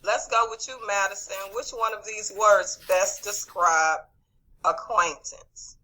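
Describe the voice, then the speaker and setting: A woman's voice: medium pitch, a little slow, bright, forceful tone, poor audio. A woman teaching over a video call, reviewing a quiz and calling on students by name in an encouraging way. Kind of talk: online class quiz review.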